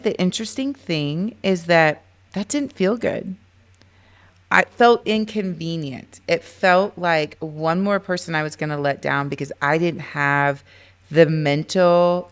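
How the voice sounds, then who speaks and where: A middle-aged woman, a podcast guest, telling her story in an animated, casual way and acting out the voices of people she quotes. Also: deep voice. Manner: animated, acts out quoted dialogue.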